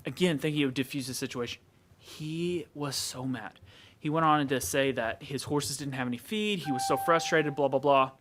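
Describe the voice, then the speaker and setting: A man casually telling a story from his work at a store, conversational and relaxed. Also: mid-range voice, normal speed, a little hiss or hum. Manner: relaxed, conversational, quoting others in his own voice.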